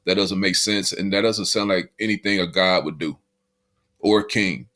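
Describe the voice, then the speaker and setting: A man's voice: sits low, normal speed, sharp tone. A man co-hosting a podcast, talking in a casual, motivational way and repeating "you know" often. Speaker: podcast co-host.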